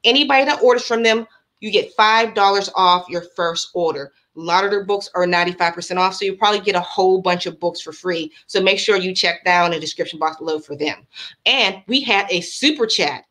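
A woman's voice: lowish voice, brisk, fairly bright tone. Woman, livestream host, chatty, bubbly, talks straight to viewers, casual.

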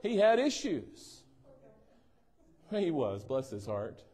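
Man, pastor, playful sermon delivery with call-and-response asides, voice a bit high. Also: huge pitch swings, takes it slowly, darkish tone. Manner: playful, teasing asides, asks congregation for responses. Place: church sanctuary.

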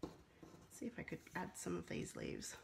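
A woman's voice: on the low side, wildly swooping pitch, moderate pace, vocal fry, noisy background. A middle-aged Australian woman chatting casually through a live papercraft demo, reading out viewer comments as she works. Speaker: papercraft demonstrator. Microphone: phone.

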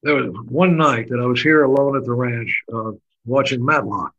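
A man's voice: medium pitch, normal speed, fairly bright tone, highs cut off. An older man from Texas telling rambling, dryly humorous stories as a guest in a casual interview. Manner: rambling, dry humorous storytelling. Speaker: guest musician and storyteller.

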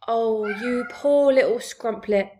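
A woman voicing a huge, soft-hearted old male giant who talks with muddled grammar. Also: a little high, slow pace, background noise, voice pushed up. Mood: pitying.

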